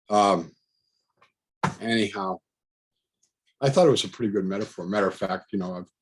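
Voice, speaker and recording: A man's voice: on the low side, husky, poor audio. A man telling a personal story in a casual, rambling way, full of asides and self-corrections. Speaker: speaker recounting a personal experience. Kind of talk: casual spoken testimony.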